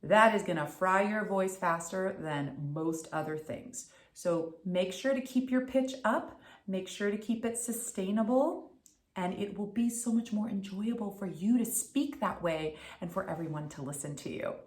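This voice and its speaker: A woman's voice: medium pitch, a little slow. Upbeat woman voice coach, echoey room. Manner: upbeat, crisply enunciated. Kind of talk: instructional tutorial.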